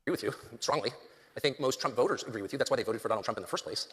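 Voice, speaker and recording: Fast, bright-voiced man in a reverberant hall. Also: mid-range voice. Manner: emphatic, rambling, with many ums and restarts. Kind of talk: political speech.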